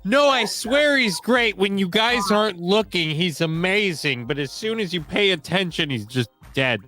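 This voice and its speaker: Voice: medium pitch, expressive, normal speed, sharp tone, soft background music. A guest on a raunchy comedy chat, teasing and joking.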